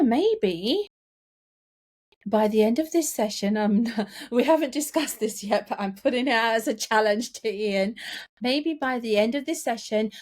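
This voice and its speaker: A woman co-hosting a casual coaching podcast, playful and quick to laugh. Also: a little high, darkish tone. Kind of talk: casual chat.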